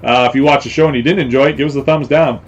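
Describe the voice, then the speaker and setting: Rambling live-stream host, slightly muffled. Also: male voice, mid-range voice, fairly even intonation, very fast, slight background noise. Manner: rambling with many fillers and repeated phrases. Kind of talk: casual live-stream chat.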